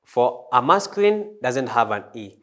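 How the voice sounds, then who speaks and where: A man teaching a French language lesson, slow and hesitant, with many fillers and restarts. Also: medium pitch, big pitch swings, a bit bright. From East Africa. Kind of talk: classroom lesson.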